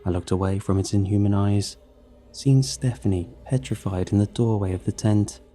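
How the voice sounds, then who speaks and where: Deep-voiced man narrating horror. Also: moderate pace, warm tone, faint music behind.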